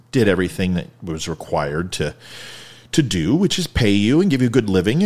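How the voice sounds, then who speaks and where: Animated storytelling male show host. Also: on the low side. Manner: animated, jokey, swings from loud to quiet. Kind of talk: casual storytelling monologue.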